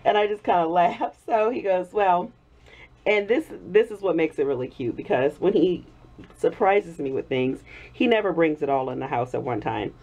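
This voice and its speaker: This woman in her thirties, a soap-making vlogger still getting over being sick, chats through a story in a casual home vlog and laughs a lot. Her fairly low voice has lively intonation, a slightly mellow quality, and a moderate pace.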